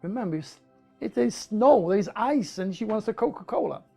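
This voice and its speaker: A man from France with a French accent, telling a personal story in an animated, emphatic way. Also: high-pitched, moderate pace, creaky, faint music behind. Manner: animated, emphatic, with repetitions and laughs.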